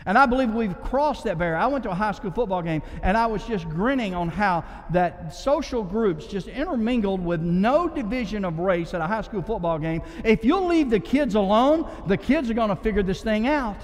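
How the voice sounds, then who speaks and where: Pastor, high-pitched tenor, fiery pulpit delivery, church hall reverb. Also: male voice, animated, moderate pace, few pauses. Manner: impassioned preaching with big swings in pitch and volume. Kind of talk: sermon. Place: church sanctuary.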